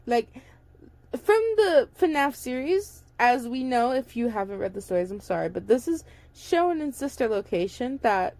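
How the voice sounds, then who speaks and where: A woman's voice: fairly high pitch, expressive, a little slow, creaky, a little mellow, no room sound. Chatty young woman reading a book aloud. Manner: chatty asides, restarts and slips while reading. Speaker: audiobook reader. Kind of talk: casual book reading with commentary.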